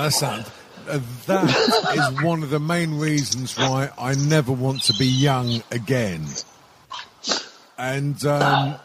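A man hosting a casual podcast, speaking slowly and laconically with crude banter. His voice sits at a middle pitch. There is clearly audible noise under the recording. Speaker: podcast host. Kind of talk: casual chat.

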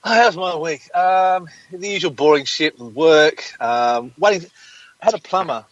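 A man's voice: on the high side, unhurried, fairly bright tone, no echo. An easygoing man co-hosts a casual comedy podcast, grumbling about everyday hassles. He is recorded on a dull lo-fi mic in a dead, dry room. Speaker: podcast co-host.

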